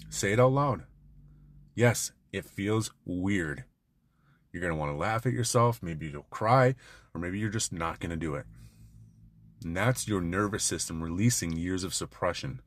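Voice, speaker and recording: Blunt, intense low-voiced man. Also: expressive, unhurried. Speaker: men's self-help speaker. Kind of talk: motivational monologue.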